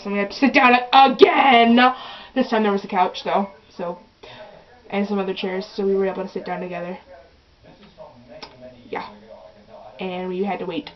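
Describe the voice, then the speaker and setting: Chatty young teen girl, lo-fi. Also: medium pitch. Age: early teens. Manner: chatty and rambling, with many restarts. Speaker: vlogger. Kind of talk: casual storytelling vlog.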